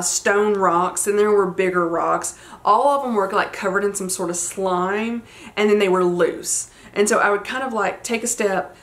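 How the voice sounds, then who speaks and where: A woman's voice: mid-range voice, fairly bright tone. A woman in her forties with a Southern American accent, telling a personal story to her viewers in a casual, chatty way, full of fillers and acted-out quotes. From United States. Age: 40s. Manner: chatty, many fillers, retells quotes animatedly. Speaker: vlogger.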